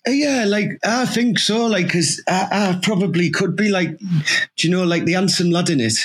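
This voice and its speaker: Husky-voiced Teesside man, high and deadpan. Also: normal speed. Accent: Teesside English. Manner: deadpan, rambling tall tales. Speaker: podcast co-host. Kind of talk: casual banter.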